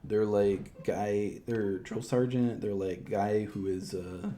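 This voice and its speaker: A man's voice: fairly low pitch, fairly even intonation, slow, warm tone. A man chatting playfully in a casual toy review vlog, joking at himself while he assembles a figure. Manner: playful, goofy, self-mocking chatter; talks while handling a toy.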